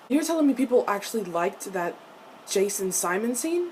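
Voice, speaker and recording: A young woman reacting to a TV episode in a casual vlog, animated and profane, with frequent laughs. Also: medium pitch, moderate pace, slight background noise. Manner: laughs often between lines.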